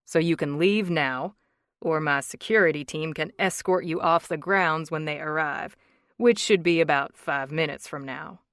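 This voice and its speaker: A woman's voice: low-pitched, normal speed, a bit bright, no echo, studio quality. A woman narrator voicing a sarcastic, hot-tempered young man who teases wryly and drags out his words. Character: cocky teasing young man, sarcastic billionaire.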